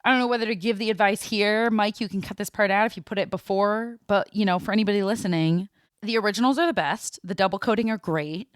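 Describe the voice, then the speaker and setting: A woman's voice: mid-range voice, quick pace, clean tone, no echo, studio quality. A young woman co-hosting a podcast, chatting casually and rambling, laughing often. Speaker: podcast co-host. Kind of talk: casual chat.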